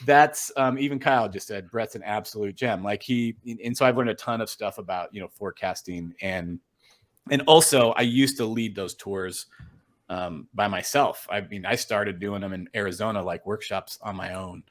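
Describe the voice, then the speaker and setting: A man's voice: fairly low pitch, normal speed. A middle-aged man talking as a guest on a casual podcast, rambling and earnest with lots of fillers and restarts. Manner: rambling, filler-heavy storytelling with many restarts; earnest and open about his feelings. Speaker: storm chaser and photographer, podcast guest.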